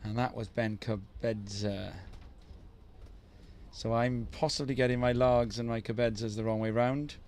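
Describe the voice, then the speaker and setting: A man's voice: medium pitch, little pitch movement, a little slow, darkish tone, a little hiss or hum. A man doing live commentary on a surf contest, chatty and teasing, with self-deprecating banter between the heats.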